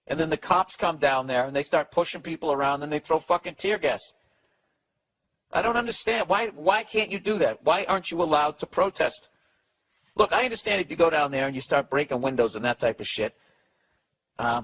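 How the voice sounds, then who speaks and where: A man's voice: a little high, a bit bright. A middle-aged man hosting a podcast, ranting in a rambling, comedic way, profane and exasperated, often breaking off and restarting his sentences. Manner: profane, exasperated, self-interrupting. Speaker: podcast host.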